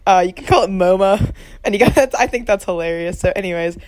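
A woman's voice: medium pitch, fairly quick, darkish tone, dry recording. A young woman co-hosting a student podcast, chatting casually in a rambling, self-deprecating way. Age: young adult. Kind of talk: casual chat.

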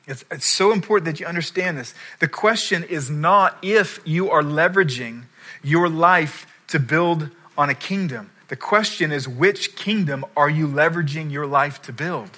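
A middle-aged man preaching a sermon as pastor, telling the story in a lively way and acting out the people he quotes. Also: on the high side, moderate pace. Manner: animated storytelling, acts out quoted voices.

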